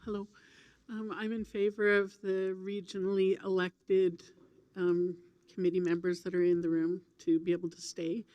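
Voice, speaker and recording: A man speaking from the floor of an assembly as a regional president, plain and steady. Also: sits high, moderate pace, highs cut off.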